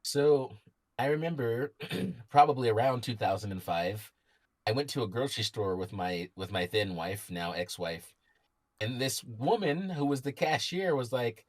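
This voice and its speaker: A man's voice: medium pitch, lively intonation, moderate pace, no echo. A man in his forties from the United States, telling a story in a laid-back chat over a call, swearing casually. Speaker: guest. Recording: dry laggy call audio.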